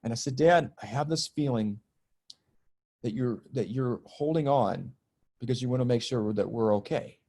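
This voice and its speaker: As an interview guest on a podcast, this middle-aged spiritual teacher and healer recounts a personal story at a moderate pace, his mid-range voice dark in tone. He stays earnest and emotional, using humor to relieve the tension.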